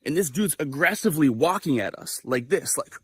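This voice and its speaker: A young man hosting a livestream, telling a personal story in a casual, animated way with lots of swearing and fillers. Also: a little high, fairly quick, breathy edge, no room sound. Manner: animated, profane, filler-heavy. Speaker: livestream host.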